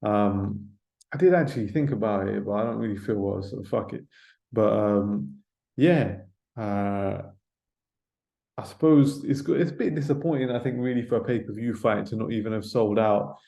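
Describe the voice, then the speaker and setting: A man's voice: on the low side, normal speed, creaky, mellow. A British man giving casual boxing commentary, rambling and swearing, with no proper mic. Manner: rambling, swearing, lots of filler tags. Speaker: boxing pundit. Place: room without a proper mic. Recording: roomy echo, no mic.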